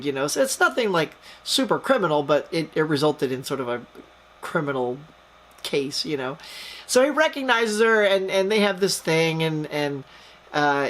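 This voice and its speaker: A man's voice: on the high side, a bit bright. A man reviewing a film, retelling the plot in a chatty, rambling way, full of fillers and jokey asides. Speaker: movie reviewer.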